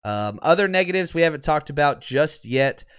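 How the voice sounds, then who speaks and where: A man hosting a live sports podcast, talking in an excitable, candid way with frequent restarts, and losing his voice. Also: on the high side, moderate pace, smooth.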